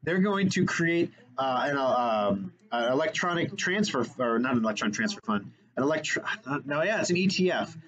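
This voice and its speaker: A man hosting a radio show, talking fast and energetically in casual chat and correcting himself as he goes. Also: medium pitch, sing-song, a bit bright, dull audio.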